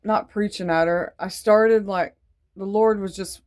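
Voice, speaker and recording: A woman's voice: medium pitch, steady tone, a little slow, darkish tone. A woman casually telling a faith testimony in a rambling, digressive way, full of fillers, earnest and devout. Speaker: Christian testimony vlogger.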